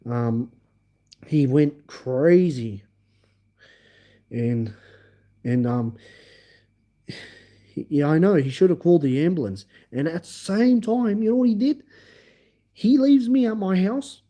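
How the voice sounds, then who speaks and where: A man hosting a livestream, telling a story in an animated, emphatic way and acting out the scenes. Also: on the high side. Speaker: livestream host. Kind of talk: casual storytelling.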